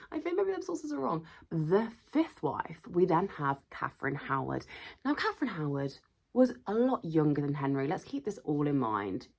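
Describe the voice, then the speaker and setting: A woman's voice: low voice, very animated, normal speed, vocal fry, a little mellow, slightly rough. A young woman in her twenties retelling history as chatty, slangy gossip with dramatic asides. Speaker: history video host. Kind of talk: gossipy casual storytelling.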